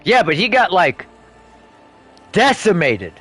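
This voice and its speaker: Animated, profane male streamer. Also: high-pitched, slow pace, soft background music. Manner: animated, profane storytelling with bursts of laughter. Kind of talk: casual chat while gaming.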